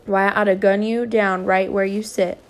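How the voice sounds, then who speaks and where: A woman's voice: medium pitch, level tone, normal speed, lightly acted. A woman reading aloud, voicing a drunk, hateful man who sputters threats. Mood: sputtering. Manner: sputtering threats, shouted at the end.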